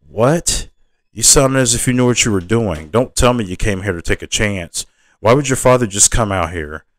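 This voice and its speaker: A man reading aloud and voicing a feisty, sharp-tongued young woman who snaps back at others, his voice lifted a little above his narration. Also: sits low, brisk, no room sound, lightly acted. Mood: indignant.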